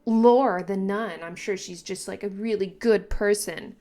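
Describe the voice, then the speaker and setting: A woman reacting casually to a manga, thinking aloud with lots of fillers and restarts, and breaking into excited exclamations and giggles. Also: mid-range voice, measured pace. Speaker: manga reaction channel host.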